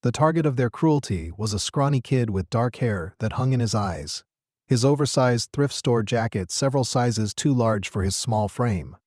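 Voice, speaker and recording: A man narrating a scripted story in a steady, earnest manner. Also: mid-range voice, normal speed, no echo, studio quality.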